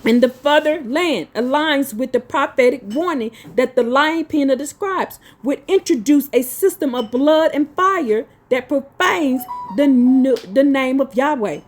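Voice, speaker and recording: Her voice is high but darkish in tone. A scolding, blunt religious teacher, she alternates slow, careful reading of her notes with heated rants delivered in profane, colloquial language.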